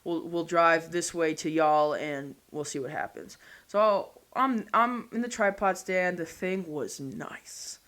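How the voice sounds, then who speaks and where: A woman's voice: on the low side, takes it slowly, few pauses, fairly bright tone. A woman in her thirties, a podcast guest, telling a story in a blunt, casual way and swearing freely.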